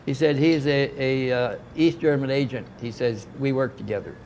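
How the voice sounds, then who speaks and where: Older man, rambling storyteller voicing quoted people, mid pitch, faint noise behind. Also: steady tone, normal speed, darkish tone. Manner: rambling anecdotal, acts out quoted dialogue. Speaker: interviewee recounting experiences. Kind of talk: casual storytelling.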